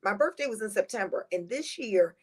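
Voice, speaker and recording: A middle-aged woman who is a guest on a talk show. She tells heartfelt, rambling personal stories in a lively, positive, high-energy way. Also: a little fast, husky. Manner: rambling, heartfelt storytelling with restarts. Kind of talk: casual conversational interview.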